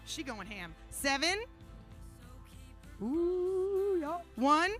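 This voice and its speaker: A woman's voice: very high-pitched, big pitch swings, extremely slow, fairly bright tone, faint music behind. A woman emceeing a live charity paddle auction, playfully hyping the crowd and calling out the bids. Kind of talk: live event hosting. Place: brewery event stage.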